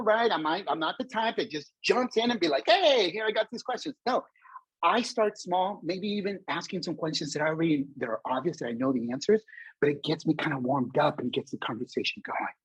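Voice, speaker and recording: Standing up indoors at a vacation spot, a man presents a motivational career webinar over a video call, energetically calling the audience "folks" and acting out bits of dialogue. His voice sits high with a breathy edge, and the low-quality recording has no room sound.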